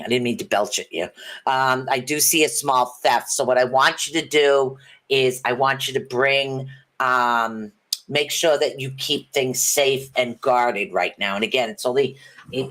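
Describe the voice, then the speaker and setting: A woman's voice: a bass voice, measured pace, fairly bright tone. A woman hosting a livestream of tarot readings. She talks in a chatty, rambling, upbeat way, with many fillers and restarts. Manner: upbeat and encouraging.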